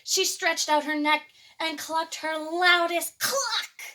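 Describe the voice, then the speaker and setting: A woman librarian reading a picture book aloud to children, expressive and chuckling. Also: very high voice, takes it slowly. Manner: expressive, chuckling between pages.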